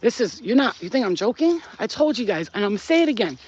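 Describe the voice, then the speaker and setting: A woman's voice: fairly high pitch, sing-song, quick pace, darkish tone, highs cut off, slight background noise. A woman hosting a spiritual channel, talking casually to camera in a blunt, emphatic and profane way.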